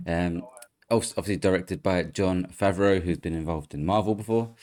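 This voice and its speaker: A tipsy man with a hoarse voice hosting a casual podcast chat, rambling and stumbling over his words. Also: low-pitched, steady tone, brisk, a little mellow. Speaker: podcast host.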